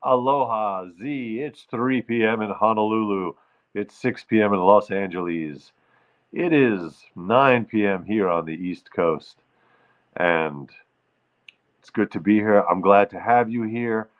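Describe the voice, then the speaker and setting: Male host, relaxed and playful, slow delivery; sings with ukulele on a tinny streamed feed. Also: on the low side. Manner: crooning, playful, greets viewers by name. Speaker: livestream show host. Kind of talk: casual livestream chat with ukulele songs. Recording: phone-like streamed audio with faint ukulele.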